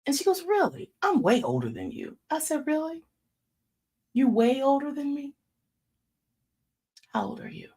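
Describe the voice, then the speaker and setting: A woman's voice: high voice, normal speed. A woman in her fifties giving an informal sermon, telling stories and calling her listeners y'all. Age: 50s. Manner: animated storytelling, addresses listeners as y'all. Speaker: church speaker.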